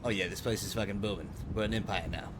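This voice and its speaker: A man's voice: on the low side, steady tone, quick pace, slight background noise. A man talking in character in a roleplay game, friendly and easygoing, often a little confused. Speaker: roleplay character, business owner.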